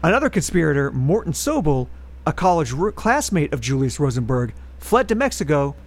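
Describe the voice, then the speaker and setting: Slightly high man presenting podcast history. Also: very animated, brisk. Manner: reads historical facts, then adds wry political asides. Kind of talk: casual podcast chat.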